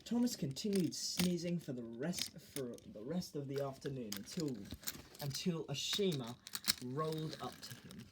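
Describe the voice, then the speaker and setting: Halting, improvising storyteller. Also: medium pitch, expressive, noisy background. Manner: halting, restarts lines.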